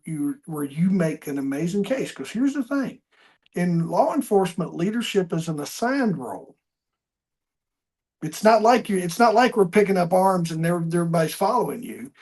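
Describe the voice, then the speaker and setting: A middle-aged man hosting an interview, telling stories in a casual, animated way and acting out the dialogue. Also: sits high. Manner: animated storyteller, acts out quoted dialogue. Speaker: podcast host.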